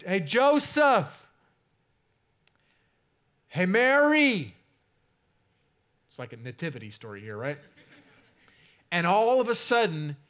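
A male pastor with a slightly higher-than-usual voice, preaching in an easygoing, conversational way. He leans into key words, stretching and lifting them for emphasis. It sounds like a young adult speaking from the pulpit. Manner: conversational preaching with emphatic swells and drawn-out stresses. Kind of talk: sermon.

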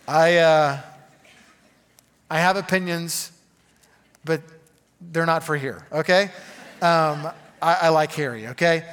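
A man's voice: a little high, slow, pauses often, a bit bright, clear, resonant tone, in a large hall. A man preaching a conversational sermon, full of "okay?" asides to the congregation. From Arkansas. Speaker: pastor.

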